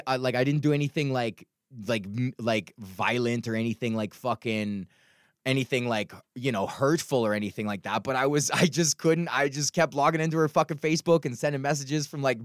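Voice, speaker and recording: A young man hosting a podcast, talking frankly in a rambling, profane way with many halting restarts. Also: medium pitch, no room sound, clean studio sound. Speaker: podcast host. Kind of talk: casual rambling monologue.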